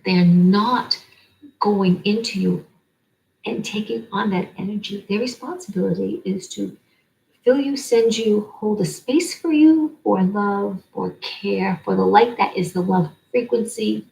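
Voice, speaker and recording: A woman's voice: medium pitch, unhurried, creaky, mellow, poor audio. A woman giving an oracle card reading in a rambling way, stringing words together in long lists. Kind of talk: spiritual card-reading monologue.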